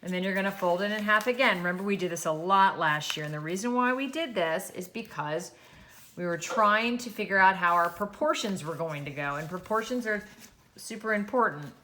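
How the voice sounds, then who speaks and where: A woman teaching a children's drawing lesson, gently talking through each step as she draws. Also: mid-range voice, a little fast, a little hiss or hum. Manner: gentle, encouraging, talks while drawing. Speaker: art teacher.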